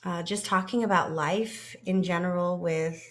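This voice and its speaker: A woman in her thirties hosting a podcast in casual chat from an office, chatty and relaxed, laughing often. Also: fairly low pitch, a little slow. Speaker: podcast host, dentist.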